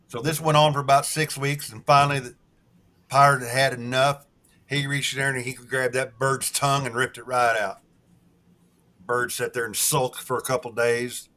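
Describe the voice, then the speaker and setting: Bright-voiced folksy profane man. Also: mid-range voice, little pitch movement, normal speed. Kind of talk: casual chat, joke telling.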